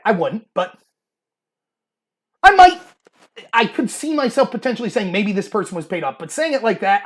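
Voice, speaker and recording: A man hosting a livestream, delivering an argumentative political commentary monologue and acting out mocking voices for the people he quotes. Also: extremely high pitch. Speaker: livestream host.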